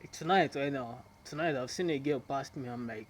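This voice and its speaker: A young man talking casually to the camera in a rambling monologue, laughing often and dropping into a low drawl when he quotes himself. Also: moderate pace, a little hiss or hum. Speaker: vlogger.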